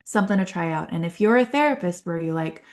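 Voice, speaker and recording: A woman's voice: on the low side, animated, fast talker, darkish tone. A woman hosting an unscripted speech-therapy podcast, talking animatedly and demonstrating rhythmic speech. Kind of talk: unscripted solo podcast talk.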